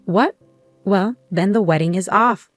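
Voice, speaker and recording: A woman voicing a spoiled young woman who sounds shrill and whiny. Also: expressive, normal speed, soft background music. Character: spoiled young woman, rude then pleading.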